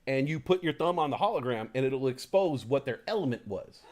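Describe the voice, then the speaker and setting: A man hosting a live stream in casual chat, rambling and animated, swearing freely. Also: mid-range voice, a little fast. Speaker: host.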